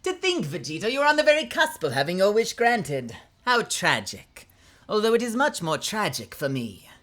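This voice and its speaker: A woman's voice: medium pitch, very animated, normal speed, a bit bright, voice pushed up. A woman voicing a haughty, cold male alien tyrant with a smug, theatrical drawl. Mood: gloating.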